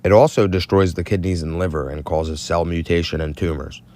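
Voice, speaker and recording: Low-voiced male monologue, conspiratorial and incredulous. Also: steady tone, a little fast, darkish tone, dry recording. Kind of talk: scripted monologue.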